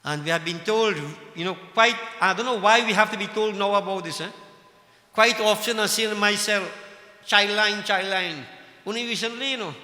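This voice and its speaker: A man preaches to his devotees in a high, very bright voice, scolding and impassioned, firing off rhetorical questions. His sermon rings through a roomy temple hall with a long reverb tail. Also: moderate pace. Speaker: religious leader addressing devotees.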